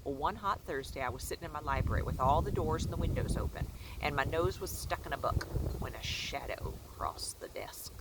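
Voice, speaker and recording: A gentle elderly librarian spins a drawn-out tale for a storybook read-aloud, voiced by a woman. Her pitch rises and falls freely, and she keeps circling back to "yes, ma'am". Traffic noise hums clearly behind the recording. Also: expressive. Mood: reminiscing. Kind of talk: children's book read-aloud.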